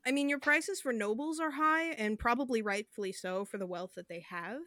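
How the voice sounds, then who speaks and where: A woman's voice: on the high side, a little fast, pushed and bright, no room sound. Lady running a tabletop game, lots of ums, describes everything, dead dry audio. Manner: describes scenes at length, with fillers. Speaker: game master.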